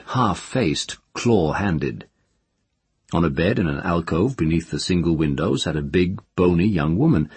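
Husky, deep-voiced male narrator. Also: dry recording. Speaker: audiobook narrator. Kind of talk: scripted narration.

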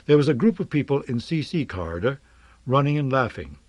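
A man narrating an audiobook in a calm, measured storytelling voice. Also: mid-range voice, no echo.

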